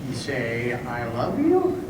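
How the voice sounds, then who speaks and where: A man's voice: sits high, sing-song. A man playing a wistful musical fan, echoey hall. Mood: musing. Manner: chatty, halting asides. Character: wistful male musical fan narrating from his chair. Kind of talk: stage musical performance. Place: school auditorium stage. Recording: echoey hall from far off, noisy.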